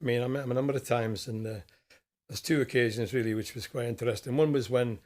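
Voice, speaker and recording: A man's voice: medium pitch, fairly even intonation, fast talker, darkish tone. An older man from Scotland, a former footballer, recalling stories in an easygoing, chatty way as a podcast guest. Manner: easygoing, anecdotal recollection. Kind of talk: casual interview chat.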